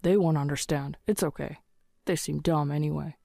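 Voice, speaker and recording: A woman's voice: low-pitched, fairly even intonation, normal speed, vocal fry, warm tone, no echo, clean studio sound. A woman voicing a cold, dismissive husband who wants a son, with a curt and scornful delivery in a storybook narration. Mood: contemptuous.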